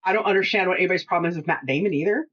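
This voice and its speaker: A middle-aged woman co-hosting a casual chat, telling animated stories, acting out what people said, and laughing often. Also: on the low side, racing, lo-fi sound. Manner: animated storyteller who acts out quotes and laughs often. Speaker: podcast co-host and shop owner.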